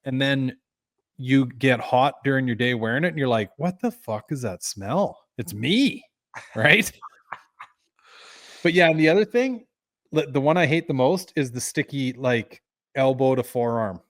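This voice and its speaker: A man's voice: medium pitch, normal speed, pauses often, a bit bright. A man banters in a friendly, joking tone and swears casually. His voice sits in a middle register. The sound is dry and close, with no room echo. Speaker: podcast co-host. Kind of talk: casual chat.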